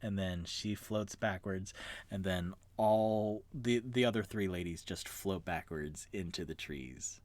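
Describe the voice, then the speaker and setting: A man narrating a tabletop game as dungeon master and solo player, telling the story in an animated way. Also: low voice, unhurried, dry recording.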